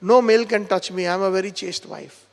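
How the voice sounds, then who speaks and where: A man voicing a sick young wife who speaks in a feeble, halting voice. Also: high voice, fairly even intonation, vocal fry, in a large hall. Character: young wife, sick and feeble, stubborn about her chastity.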